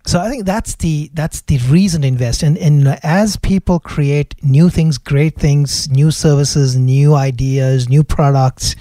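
Mellow-voiced man explaining investing, hesitant. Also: fairly high pitch, unhurried, few pauses, no room sound. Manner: thoughtful, hesitant, restarts often. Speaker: podcast co-host, investment analyst. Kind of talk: casual explanatory chat.

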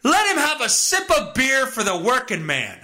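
A man's voice: very high-pitched, huge pitch swings, moderate pace, sharp tone, a little hiss or hum. A man hosting a solo podcast, ranting in a worked-up way and swearing often. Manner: profane, worked-up rant. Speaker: podcast host.

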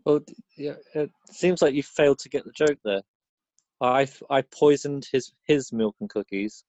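A man trading dry, deadpan jokes on a casual podcast. His recording is close and dead, with a muffled, lo-fi edge. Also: medium pitch, normal speed, no room sound. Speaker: podcast co-host.

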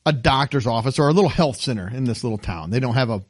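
A man's voice: medium pitch, fast talker, no room sound. A man chatting casually on a podcast, telling stories with laughter and acted-out voices. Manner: animated storyteller, acts out voices with laughs. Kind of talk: casual chat.

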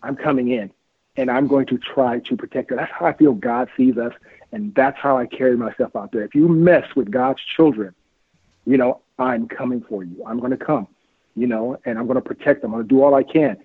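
A husky, breathy-edged man preaches fervently, hammering his points with repetition. His voice is dry and close, squeezed through thin phone-line audio. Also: mid-range voice, a little fast, no echo. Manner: fervent, repetitive, laughs often. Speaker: guest, street outreach worker. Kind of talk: preachy, emphatic interview talk.

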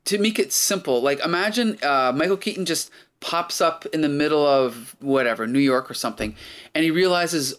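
Rambling man thinking out loud. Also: a little high, animated, moderate pace. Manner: rambling, thinking aloud with many restarts. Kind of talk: casual chat.

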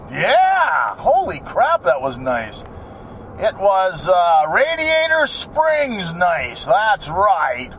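Wisecracking guy vlogging from his truck, slow talker, voice jumps all over. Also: high-pitched, huge pitch swings, fairly bright tone, a little hiss or hum. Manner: rambling, wisecracking, swears freely. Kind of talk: casual driving vlog. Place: inside a truck while driving.

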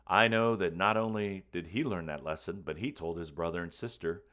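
A man with a lowish voice telling a funny story from his own life. He talks in a lively, playful way and jumps into the voices of the people in it. It is loose, spoken storytelling. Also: moderate pace. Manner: animated, acts out voices and screams for comic effect. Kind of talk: comic personal storytelling.

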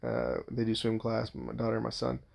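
Gravelly, profane man telling a story. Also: medium pitch, monotone, brisk, a little mellow. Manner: rambling and profane, heavy swearing and restarts. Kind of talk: casual storytelling monologue.

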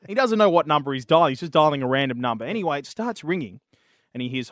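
A man's voice: mid-range voice, expressive, quick pace, fairly bright tone, dry recording, clean studio sound. A man with an Australian accent hosting a podcast, chatting casually and telling a joke in a laid-back way, full of slang. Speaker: podcast host.

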